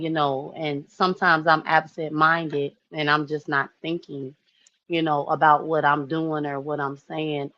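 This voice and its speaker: A woman in her early thirties telling a personal story to her viewers in a chatty, animated way, often saying "you know". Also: low voice, dry recording, highs cut off. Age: 30s. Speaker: vlogger.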